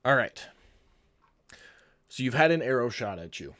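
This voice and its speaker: A man's voice: medium pitch, very animated, measured pace, bright, forceful tone. A man running a tabletop game online as game master, explaining rules in an easygoing, patient way.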